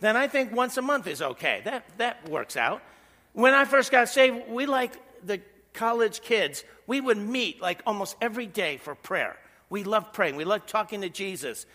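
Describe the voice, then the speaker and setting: A man's voice: high-pitched, lively intonation, moderate pace, bright, forceful tone, big-room sound. A middle-aged man preaching a sermon as pastor, in a conversational way that leans on rhetorical questions.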